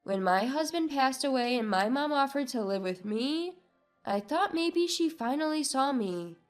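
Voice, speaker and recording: Slow, high-voiced woman narrating a story. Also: lively intonation. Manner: measured, subdued, slow. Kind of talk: first-person story narration. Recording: narration with soft background music.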